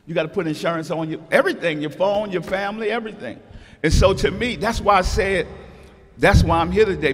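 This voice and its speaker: A middle-aged man talks in a high, bright register. He preaches his point with emphatic storytelling that keeps climbing into shouts. His voice carries a long hall reverb. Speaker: guest speaker. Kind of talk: animated motivational talk.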